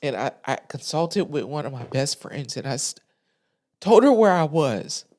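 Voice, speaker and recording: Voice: medium pitch, very animated, normal speed, a little mellow. A podcast host sharing a heartfelt, unscripted monologue into a microphone. The talk is candid and emotional, colloquial, with frequent restarts and asides to listeners. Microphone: studio microphone.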